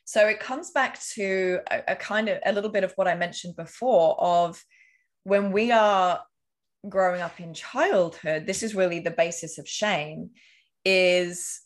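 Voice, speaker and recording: A woman's voice: lowish voice, unhurried. Earnest woman explaining with examples. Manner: casual swearing. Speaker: podcast guest. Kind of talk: casual interview talk.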